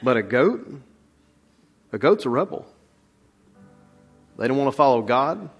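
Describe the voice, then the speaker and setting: A man's voice: medium pitch, sing-song, a little slow, slightly rough, faint music behind. Folksy man preaching casually. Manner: rambling, folksy storytelling with many fillers. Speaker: pastor. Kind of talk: conversational sermon.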